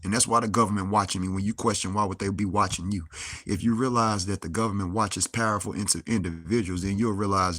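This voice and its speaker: A man's voice: lowish voice, steady tone, fast, fairly bright tone, dry recording, studio quality. A young man, ranting angrily to camera with heavy cursing and rhetorical questions. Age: young adult. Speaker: vlogger. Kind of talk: angry monologue to camera.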